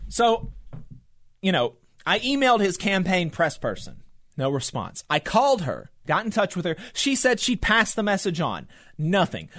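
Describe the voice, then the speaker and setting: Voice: medium pitch, a bit bright. A radio host, delivering impassioned, repetitive political commentary. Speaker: union talk radio host. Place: radio studio.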